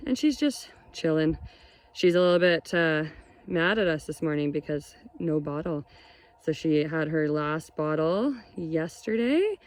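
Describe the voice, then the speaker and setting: A woman, chatting casually and excitedly in a vlog, recorded outdoors on a farm. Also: lowish voice. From Canada. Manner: chatty and exclamatory. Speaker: homesteader vlogger.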